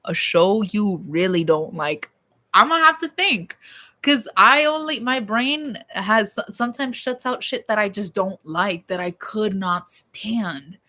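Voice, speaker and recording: A young woman rambles to her viewers from home in a loose, off-the-cuff chat. She speaks at an ordinary middle pitch, with blunt opinions and casual swearing. Her tone stays unpolished and conversational. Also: bright, forceful tone. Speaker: vlogger.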